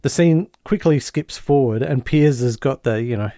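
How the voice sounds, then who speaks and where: A man, co-hosting a podcast and casually retelling a sitcom episode with lively impressions of the characters. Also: medium pitch, moderate pace, no echo, clean studio sound. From Australia. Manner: animated storyteller, mimics the characters' lines. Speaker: podcast co-host.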